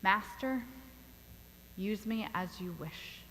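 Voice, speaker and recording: A woman voicing a humble male bamboo plant that begs and then gives in, in a sermon story, with soft, trembling pleas. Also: mid-range voice, slow pace, in a large hall, slight background noise, rough recording. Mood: resigned.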